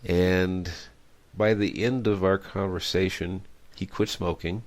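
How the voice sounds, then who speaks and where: A man's voice: sits low, steady tone, takes it slowly. A middle-aged man hosting a radio interview, rambling and reflective, telling stories with many fillers. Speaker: radio show host.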